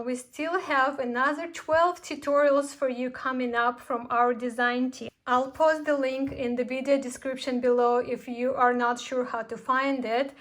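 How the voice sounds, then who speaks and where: A woman's voice: sits high, a bit bright. A woman who runs a craft shop, chatting casually to viewers with announcements and heartfelt thanks. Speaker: craft shop owner hosting a tutorial event. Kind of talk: casual tutorial sign-off and announcements.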